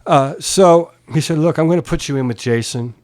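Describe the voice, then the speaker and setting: A middle-aged man from Pennsylvania, a guest musician, telling animated stories in a relaxed interview, swearing casually and laughing as he talks. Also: a little high, brisk. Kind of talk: relaxed storytelling.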